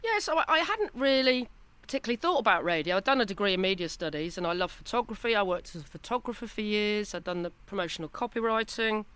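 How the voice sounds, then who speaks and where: Woman, 50s, broadcaster guest, chatty, self-mocking anecdotes, mid-pitched. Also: fast talker, clean tone. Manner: animated, self-deprecating storytelling. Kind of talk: casual interview chat.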